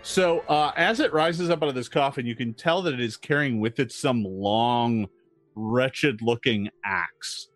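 A man running a tabletop game as game master, narrating monsters' attacks and calling for rolls with a lively, laughing manner. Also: mid-range voice, a little slow, faint music behind.

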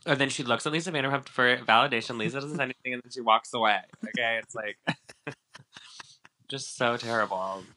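A man co-hosting a casual podcast chat about reality TV, talking in a loose, animated way with lots of fillers and acted-out quotes. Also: mid-range voice, brisk. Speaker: podcast co-host.

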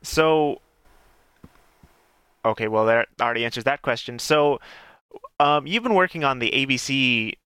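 A man's voice: mid-range voice, expressive, a little slow, long pauses, bright, forceful tone, clear, resonant tone, no echo. A man hosting a podcast, asking questions and encouraging his guest with short affirmations. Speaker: podcast host. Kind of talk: casual podcast interview.

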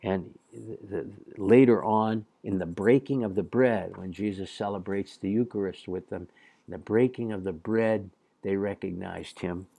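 Guy going over latin homework, talks slow and patient, dry close sound. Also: on the low side, creaky, warm tone, no echo. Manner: slow, patient explaining with fillers. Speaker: Latin teacher. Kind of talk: classroom lecture, reading and translating Latin.

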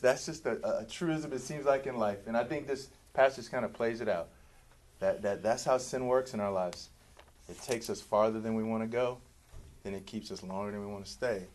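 A man leading a group Bible study, animated and joking, with sarcastic asides. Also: mid-range voice.

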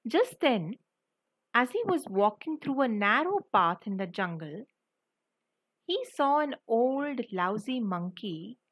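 A woman telling a story, explaining slowly and speaking directly to the listener. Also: fairly high pitch, a bit bright, no room sound. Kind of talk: storytelling narration.

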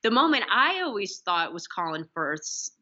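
Bright, lively woman chatting about a film. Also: mid-range voice, moderate pace, dull audio. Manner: animated, acts out quotes from the film. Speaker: podcast co-host. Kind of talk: casual film discussion.

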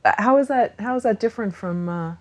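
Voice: mid-range voice, quick pace. An interviewer asking casual, curious questions.

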